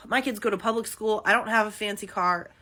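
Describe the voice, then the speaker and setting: A woman in her thirties, a mother, venting in an exasperated vlog rant full of swearing that climbs to near shouts. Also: mid-range voice, moderate pace. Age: 30s. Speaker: mother venting about costs.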